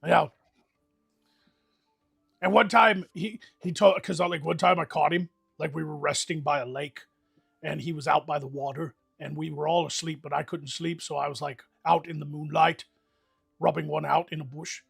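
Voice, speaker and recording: A man's voice: on the high side, fairly even intonation, normal speed, vocal fry, fairly bright tone, husky, no room sound, clean studio sound, soft background music. A man rambling through crude, comic adventure stories in an improvised role-play livestream. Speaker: game master and player.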